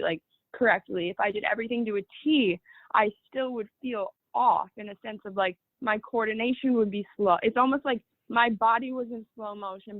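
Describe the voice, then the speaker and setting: A woman's voice: mid-range voice, creaky, no room sound. A young woman in her twenties talks through her story in an easygoing, chatty way, dropping "like" into nearly every phrase. Her voice comes over a thin, telephone-like line with no room sound at all. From Los Angeles, California. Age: 20s. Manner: chatty, fills speech with "like". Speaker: guest. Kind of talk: casual personal storytelling. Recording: tinny, dry phone-like line.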